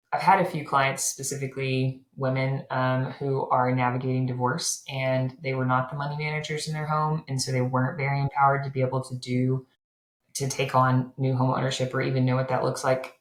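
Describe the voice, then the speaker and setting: A woman with a strikingly deep, low voice, talking casually as an interview guest. She tells her stories in a chatty way, leaning on "like" as a filler. The sound is roomy and echoey. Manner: chatty storyteller, many "like" fillers. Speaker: loan officer guest.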